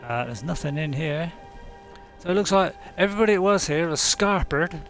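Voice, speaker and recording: A man's voice: fairly high pitch, animated, normal speed, faint music behind. A man, a game streamer, giving casual, rambling let's-play commentary full of asides. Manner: chatty, rambling, many fillers and asides.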